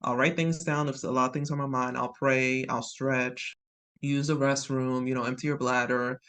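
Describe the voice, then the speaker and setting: A woman's voice: very deep voice, level tone, moderate pace, a bit bright. A woman hosting a podcast interview, talking in a conversational way and laughing along with her guest. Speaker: podcast host. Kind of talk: casual interview chat.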